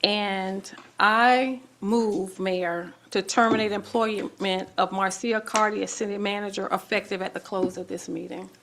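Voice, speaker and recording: A woman city commissioner speaking deliberately at a public meeting, reading out items and making a formal motion. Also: mid-range voice, fairly even intonation, fairly bright tone, a little hiss or hum. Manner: measured, deliberate, reads out items.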